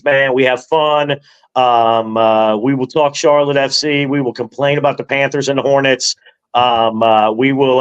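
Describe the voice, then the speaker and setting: A man who hosts a sports radio morning show, chatting casually as a guest and telling stories with jokes. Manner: storytelling, joking, drops low and soft when somber. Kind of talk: casual podcast chat.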